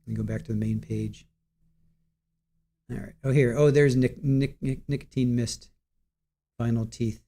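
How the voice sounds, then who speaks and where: A man's voice: medium pitch, steady tone, a little slow, long pauses, mellow. A man in his forties hosting a casual livestream, rambling, stumbling over words and reading viewer comments aloud. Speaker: livestream host.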